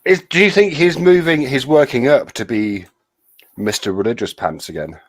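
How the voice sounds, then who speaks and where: A man's voice: medium pitch, normal speed. A man hosting a casual live group chat, teasing and making playful requests.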